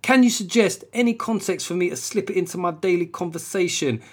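A man's voice: brisk, husky. A man putting on a South London accent as a cocky young streetwise man reading his own review. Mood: swaggering. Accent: put-on South London. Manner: slangy, swaggering, high-pitched.

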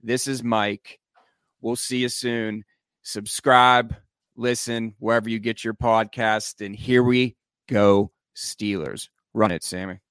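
A man's voice: on the low side, fairly even intonation, takes it slowly, a bit bright, smooth, no room sound, studio quality. A man hosting a sports podcast, wrapping up the episode in an upbeat promotional sign-off. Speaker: podcast host. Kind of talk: casual sports chat and show outro.

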